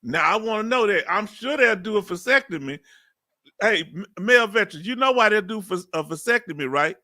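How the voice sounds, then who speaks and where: This Texas veteran, in his fifties and Southern-accented, reads out viewer comments on a casual live stream, laughing frequently and chatting in drawling asides. He talks a little fast in a high, expressive voice with a sharp tone.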